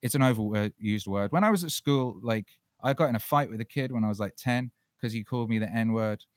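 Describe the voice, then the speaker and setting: A man's voice: on the low side, fairly quick, dry recording. A man hosting a casual livestream Q&A, talking in a profane, fired-up ranting way. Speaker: livestream host.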